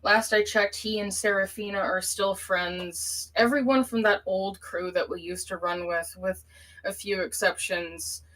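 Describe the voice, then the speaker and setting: Shaky-breathed woman caller, earnest and halting. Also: medium pitch, steady tone, a bit bright, poor audio. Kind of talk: emotional call-in conversation.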